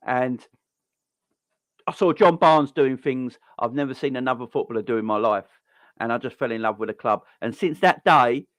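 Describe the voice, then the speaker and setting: A man's voice: medium pitch, no echo. A man in his forties from South London, with a South London accent, hosting a football fan channel and delivering an angry, sweary rant with frequent repeats and restarts. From South London, England. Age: 40s. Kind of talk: heated fan rant to camera.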